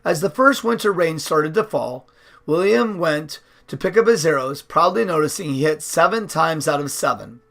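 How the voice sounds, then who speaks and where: A man's voice: on the high side, animated, moderate pace, vocal fry, a bit bright. A man reading a novel aloud in an unpolished way, with slips and restarts. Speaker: audiobook reader.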